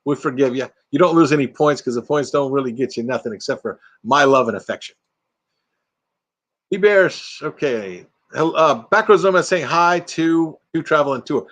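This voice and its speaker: Speaking at a moderate pace in a mid-range, fairly bright voice, an older livestream host chats casually with viewers from a home room fitted with a green screen. He reads their comments out loud and laughs a lot.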